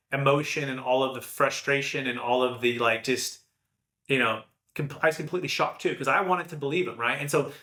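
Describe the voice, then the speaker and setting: A man giving an energetic, persuasive podcast pitch on tax strategy, telling a story and acting out the dialogue. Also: roomy sound.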